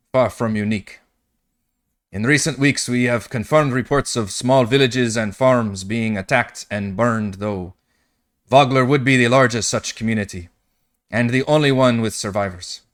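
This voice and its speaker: A man voicing a stern female military commander who reports in a crisp, matter-of-fact way. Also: mid-range voice, unhurried, a bit bright, pitched above the performer's own voice, natural voice.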